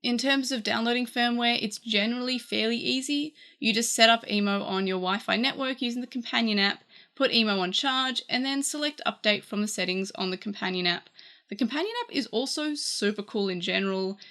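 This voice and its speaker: Bright-voiced Australian woman, chatty, rambling reviewer tone. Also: on the high side, a little fast. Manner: chatty, rambling with fillers and restarts. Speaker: tech reviewer. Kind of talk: casual unboxing review.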